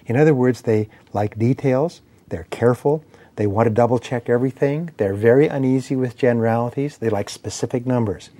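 A man's voice: medium pitch, warm tone. Man giving an emphatic motivational lecture. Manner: measured, emphatic, lists points in cadence. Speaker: speaker on persuasion and sales.

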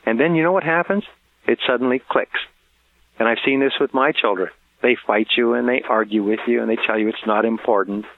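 A man's voice: medium pitch, brisk, no echo. A middle-aged man giving an earnest talk on parenting, repeating key words for emphasis and chuckling at his own stories. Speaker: motivational speaker. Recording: tinny phone-like audio.

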